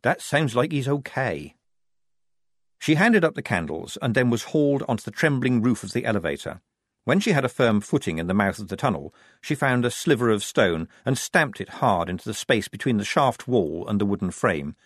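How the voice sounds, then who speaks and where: A man narrating an audiobook in a wry, expressive way. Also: on the low side, a little fast, no echo, clean studio sound.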